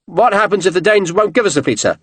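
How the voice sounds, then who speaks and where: A man's voice: high-pitched, animated, fast, fairly bright tone, no room sound, pitched above the performer's own voice. A man voicing a terse, plain-spoken soldier who came up from the ranks.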